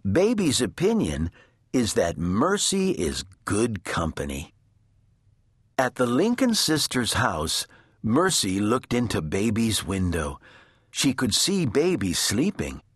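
A man narrating a children's storybook in a gentle, deliberate storytelling manner. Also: on the low side, huge pitch swings, breathy edge, no room sound, studio quality. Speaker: audiobook narrator.

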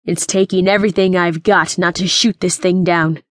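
A woman voicing a gruff, suspicious man who growls his demands. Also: high voice, steady tone, normal speed, fairly bright tone, no room sound, studio quality.

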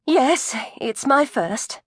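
A woman's voice: sits high, animated, drawn-out words, no echo, voice pushed up, full character voice. A woman voicing a weary, irritable young pregnant woman with dry, exasperated asides. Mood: wry.

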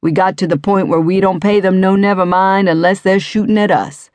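A woman voicing an older man who lives on the street, a teasing rascal with a raspy voice and an exaggerated deep drawl. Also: fairly even intonation, brisk, darkish tone, no room sound, close to an everyday voice. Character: old male street regular, teasing rascal. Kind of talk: audiobook character voice.

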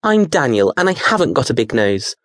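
A man's voice: medium pitch, very animated, fairly quick, a bit bright, no echo, studio quality. A man doing a bewildered teenage boy. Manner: startled, questioning. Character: bewildered fourteen-year-old boy.

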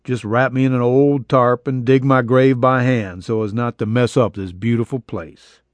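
A man voicing an earnest, soft-spoken cowboy in his twenties in an audiobook. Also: mid-range voice, fairly even intonation, moderate pace, no echo, natural voice. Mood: tender.

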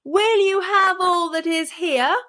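A woman's voice: mid-range voice, very animated, moderate pace, slightly rough, no echo, clean studio sound. A woman voicing a tiny, mischievous boy hero in an audiobook, with a perky, cheeky manner. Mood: bawling. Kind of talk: audiobook character reading.

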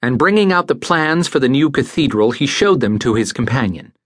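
Male audiobook narrator, expressive storytelling, lively pitch, dry close studio sound. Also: a little fast, no room sound.

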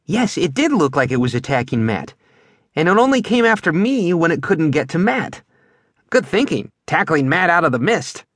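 A man's voice: fairly high pitch, big pitch swings, moderate pace, fairly bright tone, no echo, studio quality. A man voicing an anxious, protective twelve-year-old boy in an audiobook, speaking urgently and a little breathless. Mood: earnest.

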